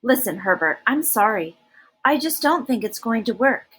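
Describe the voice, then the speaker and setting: Woman as an earnest, fussy child, bright and lively, slow. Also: fairly high pitch, slightly rough. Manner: earnest, questioning. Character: anxious, picky young child.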